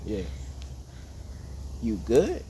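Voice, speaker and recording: A man's voice: on the low side, wildly swooping pitch, very slow, very noisy. Laid-back man telling a story. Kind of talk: casual made-up storytelling.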